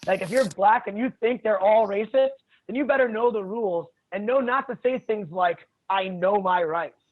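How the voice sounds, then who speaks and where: A man's voice: high voice, normal speed. A man who teaches jiu-jitsu, chatting as a podcast guest and telling stories in a blunt, profane way, laughing often. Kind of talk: casual storytelling chat. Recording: tinny phone-like sound.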